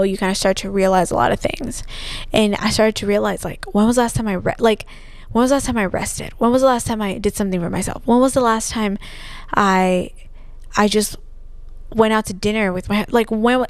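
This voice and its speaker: A woman's voice: medium pitch, clean tone, no echo. A young woman hosting a podcast, talking candidly and emotionally about her own life, full of "like" and restarts, recorded close on a podcast mic. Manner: emotional, heavy use of "like", trailing restarts. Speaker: podcast host. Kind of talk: candid personal monologue.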